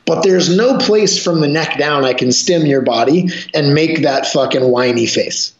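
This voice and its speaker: A man, a martial arts instructor and podcast guest, telling gym stories in a profane, animated way. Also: a little high, a little slow. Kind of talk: casual podcast chat. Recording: roomy, dull lo-fi sound.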